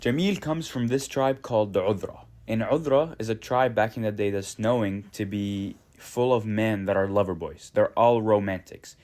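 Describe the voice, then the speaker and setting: A man's voice: on the low side, normal speed, hardly any pauses, darkish tone. A man casually retelling an old love story in a slangy, chatty way.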